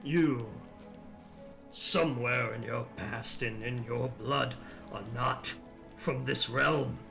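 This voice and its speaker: A man voicing a gruff, zealous male werewolf leader in a tabletop game, with fervent, slow speech and music underneath. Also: medium pitch, fairly even intonation, voice pushed down.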